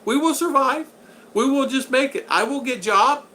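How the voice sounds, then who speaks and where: A reassuring, unfazed wife, as a man puts her on speaks in short broken-English phrases. The voice is pushed well above his own pitch. It sounds bright and clear. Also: normal speed, a little hiss or hum.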